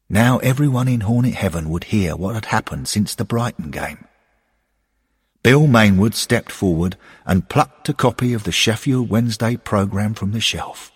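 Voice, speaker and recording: A man narrating a story in a measured, expressive way. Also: deep voice, slightly rough, long reverb tail. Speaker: audiobook reader.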